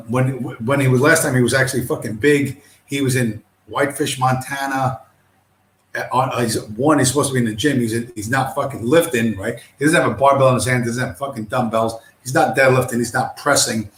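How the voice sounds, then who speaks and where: A man streams alone, ranting in a middle-pitched voice that circles back through restarts and asides. He swears constantly and keeps asking "you know" as he goes. The room gives his voice a noticeable echo. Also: a little hiss or hum. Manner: profane, rambling, repeats "you know what I mean". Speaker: livestream host. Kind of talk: rambling livestream rant. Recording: roomy echo.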